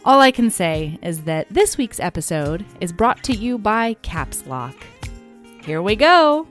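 A woman reads a podcast intro in a breezy, upbeat way. Her voice sits at a middle pitch. Soft music plays quietly behind her. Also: big pitch swings, unhurried. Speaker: podcast host. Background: faint music.

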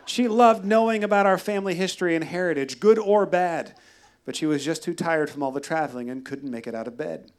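A man telling a wry, deadpan personal story at a live storytelling show. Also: a little high, a little fast. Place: live venue.

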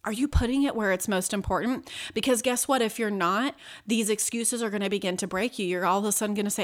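A woman's voice: medium pitch, quick pace, few pauses. A woman in her thirties hosting a motivational podcast, talking to listeners directly and earnestly, with a chatty manner full of "like" and "you know". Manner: conversational, many fillers like "like" and "you know". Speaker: podcast host.

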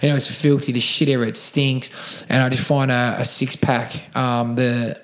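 A man's voice: medium pitch, little pitch movement, moderate pace. An Australian man, a podcast guest, telling his story in a casual rambling way, with many restarts and swearing, emotional and close to tears.

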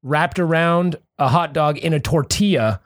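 A man hosting a casual podcast, telling animated stories with plenty of swearing and laughter. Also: on the high side, moderate pace, no room sound, clean studio sound. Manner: animated storyteller, swears freely, laughs often. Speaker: podcast host. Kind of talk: casual chat and storytelling.

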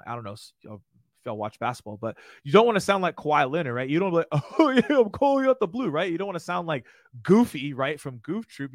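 Man, sales trainer, slightly high voice, energetic casual coaching, dry close recording. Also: dry recording. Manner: energetic, demonstrates phone lines with a friendly laugh; casual, frequent rhetorical "right?". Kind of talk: live online sales coaching.

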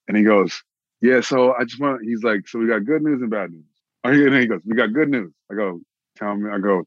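Animated low-voiced man telling a story. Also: no echo, lo-fi sound. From Austin, Texas. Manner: animated, repeats phrases for emphasis. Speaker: actor, guest. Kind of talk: casual interview storytelling.

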